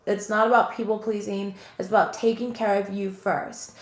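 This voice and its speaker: A woman's voice: medium pitch, little pitch movement, moderate pace. Emotional woman tarot reader, echoey room. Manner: emotional, earnest, heartfelt. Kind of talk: tarot reading to viewers. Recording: echoey room with faint noise.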